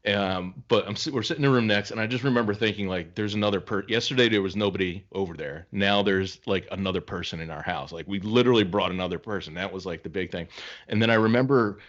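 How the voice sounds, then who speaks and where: A man's voice: lowish voice, quick pace, fairly bright tone, muffled recording. A man co-hosting a podcast, telling rambling, anecdotal stories in casual chat. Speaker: podcast co-host.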